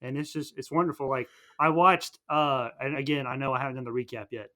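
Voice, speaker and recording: A man's voice: mid-range voice, fairly even intonation, brisk, sharp tone. A young man co-hosting a film podcast, chatting casually and enthusiastically, often restarting his sentences. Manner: rambling, enthusiastic, with many restarts. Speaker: podcast co-host.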